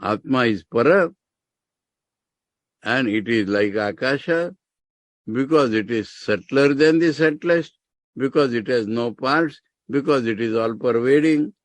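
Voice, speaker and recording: Indian-accented male monk, unhurried scriptural discourse, mid-pitched, dry close recording. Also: no room sound. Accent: Indian English. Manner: explains Sanskrit terms word by word, with emphatic rises.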